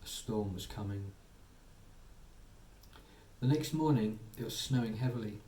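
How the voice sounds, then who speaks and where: A man reads a soothing bedtime story in a soft, mellow voice. He sits back from the mic in an echoey room with a faint hum of ambience. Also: on the low side, measured pace, distant mic. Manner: soothing, gently voicing characters.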